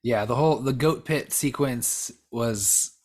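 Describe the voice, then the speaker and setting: A podcast co-host with a medium-pitched, slightly slow and mellow voice chats casually about a horror film. He rambles with lots of fillers, restarts and swearing.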